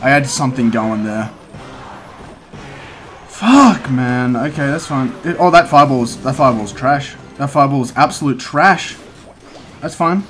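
A man's voice: medium pitch, fairly bright tone. A young man giving casual live commentary on a mobile strategy game as he plays, talking to himself and breaking into frustrated outbursts. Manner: talks to himself while playing, quick swings into frustrated outbursts. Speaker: gaming content creator.

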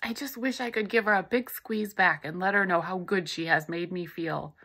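A woman reading a novel aloud in the first person, in a steady storytelling manner. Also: lowish voice, moderate pace, husky, rough recording. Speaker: audiobook narrator.

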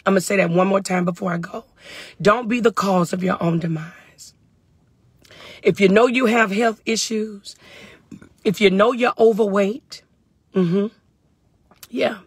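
A woman's voice: medium pitch, steady tone, measured pace, long pauses, husky, dry recording. Fervent woman on a live stream. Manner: fervent, call-and-response, reads comments aloud. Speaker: faith and wellness livestream host. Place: in her parked truck. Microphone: phone live stream.

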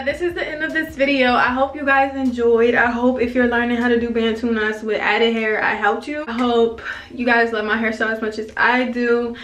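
A woman vlogging a hair tutorial in casual, excitable talk to camera, slangy and swearing freely. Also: fairly high pitch. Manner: excitable, animated, slangy and profane. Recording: echoey room with faint music.

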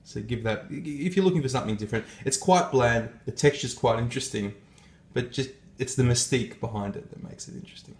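A man's voice: medium pitch, brisk, a little mellow. A man chatting casually and enthusiastically as a vegan food vlogger, showing a home-cooked meal with loose asides.

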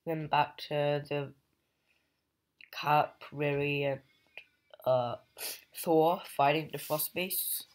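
Male comic reviewer, unhurried and level, loose rambling recap full of fillers. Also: a little high, level tone. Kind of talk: casual plot recap.

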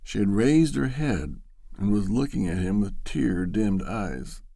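A man narrating a classic story in an expressive, storytelling manner. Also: fairly low pitch, unhurried, creaky, dry recording.

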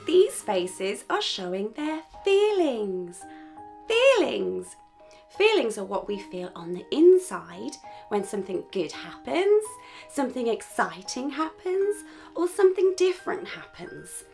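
A woman's voice: a little high, very animated, takes it slowly, vocal fry, a little mellow, faint music behind. A young woman hosting a toddler lesson, talking in an exaggerated sing-song way with gasps of wonder. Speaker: children's teacher host.

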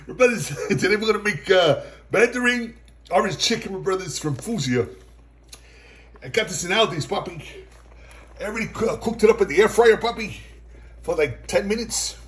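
A man filming a casual cooking and tasting vlog on his phone in a home kitchen. He is excitable and laughs often, and keeps calling his viewers brothers and puppy. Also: high-pitched, moderate pace. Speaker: food vlogger. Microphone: phone camera. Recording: noisy kitchen with frying. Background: food frying.

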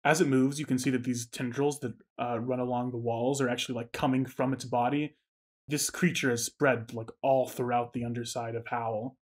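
A man's voice: medium pitch, level tone, moderate pace. Man, game master, tabletop game narration, rambling, filler-heavy.

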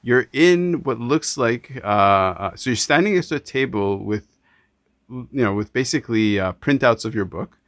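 A Canadian man hosts a relaxed interview over a video call. He talks with lively emphasis, often restarting his sentences. The sound is close and dry, with no room around him. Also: mid-range voice, moderate pace, no room sound. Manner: animated, emphatic, frequent restarts. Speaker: podcast host. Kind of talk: casual interview conversation.

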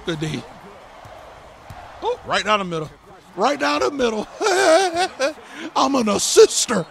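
Boastful high gravelly young man. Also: sing-song, takes it slowly. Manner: boastful trash talk, slips into sing-song. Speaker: gaming YouTuber. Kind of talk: hyped gameplay commentary.

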